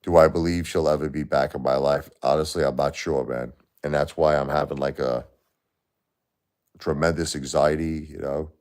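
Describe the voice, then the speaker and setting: A man's voice: rumbling low, steady tone, normal speed, a little mellow, clear, resonant tone. A man hosting a live stream, talking in an exhausted, distressed way and repeating himself. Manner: weary, distressed, repetitive. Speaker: livestream host. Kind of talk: emotional live stream talk to chat.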